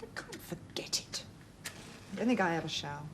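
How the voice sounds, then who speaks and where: An anxious, earnest wife, played by a woman, pressing her point with feeling. Her mid-pitched voice swings expressively, with faint ambient noise behind. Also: sing-song, fairly quick, natural voice. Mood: troubled. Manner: earnest, emotional, insistent. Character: anxious wife, troubled by past betrayal.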